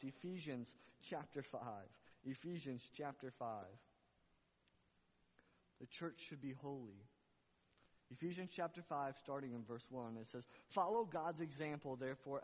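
A man preaching a sermon as pastor, repeating words and building to fervent climaxes. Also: medium pitch. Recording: long reverb, dull lo-fi sound.

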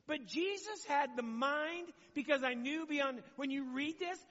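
A man's voice: extremely high pitch, unhurried, a bit bright, in a large hall, dull audio. A man preaching a sermon as pastor, talking conversationally and asking the congregation questions.

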